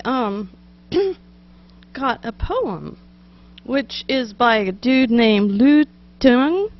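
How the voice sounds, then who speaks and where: A woman's voice: a little high, highs cut off, slight background noise. A woman hosting a casual web show, chatting and reading aloud with giggles and offhand asides. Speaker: webcast show host. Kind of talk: casual reading of jokes and a poem.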